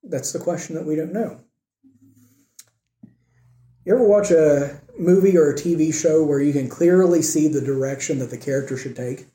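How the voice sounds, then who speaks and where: A man preaching a sermon with earnest emphasis, swinging between raised emphatic points and quiet, soft asides. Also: a little high, moderate pace, long pauses, reverberant. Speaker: pastor.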